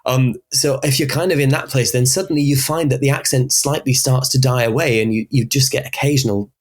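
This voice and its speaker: A man with a Southern English Berkshire accent talks through ideas on a podcast in an animated, expressive way. His voice sits at an ordinary middle pitch, and he speaks as a guest giving clear explanations. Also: a little fast. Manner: expressive, animated explainer who often laughs. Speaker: voice coach guest. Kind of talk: conversational podcast interview.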